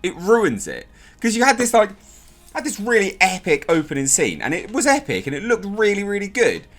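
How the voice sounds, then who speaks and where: A young man giving a casual, exasperated spoken review of a TV episode, ranting in an animated way. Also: sits high, moderate pace, soft background music.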